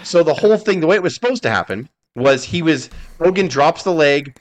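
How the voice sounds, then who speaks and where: A man's voice: fairly high pitch, animated, brisk. A man co-hosting a wrestling podcast who rants with emphasis and heavy swearing while retelling events. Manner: ranting, profane, emphatic storytelling. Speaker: podcast co-host. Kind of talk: heated casual chat.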